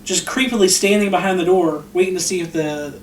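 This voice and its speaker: A man's voice: high voice, fairly quick, reverberant, slight background noise. A man co-hosting a podcast, recapping a film scene by scene in casual chat, acting out the characters' lines and swearing freely. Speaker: podcast co-host.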